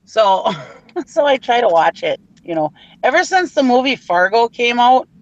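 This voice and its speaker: A woman's voice: a little high, sing-song, moderate pace, no echo, highs cut off. A woman from Minnesota with a northern Minnesota accent, chatting casually and laughing often as she tells stories. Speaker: truck driver and reseller on a live hangout. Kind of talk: casual chat.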